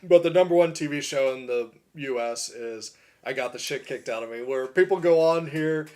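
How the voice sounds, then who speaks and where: A man's voice: medium pitch, normal speed, darkish tone. A man co-hosting a podcast, recapping a film in casual chat with lots of fillers. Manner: rambling, many fillers like "like" and "uh". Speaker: podcast co-host.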